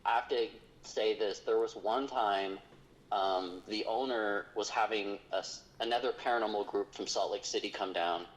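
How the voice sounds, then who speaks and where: A man's voice: lowish voice, low-quality recording. A man, a paranormal investigator, telling a story in casual conversation, rambling with lots of fillers.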